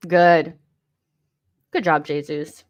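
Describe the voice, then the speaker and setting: A young woman hosting a live football watchalong, reacting to the match, swearing and shouting at the players. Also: low voice, flat delivery, extremely slow, clear, resonant tone, muffled recording.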